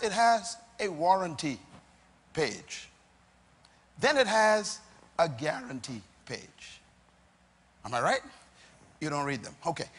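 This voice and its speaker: Slow, emphatic preacher with a high, bright voice. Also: male voice, breathy edge. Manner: emphatic preaching with repetition and dramatic pauses. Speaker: pastor. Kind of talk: sermon.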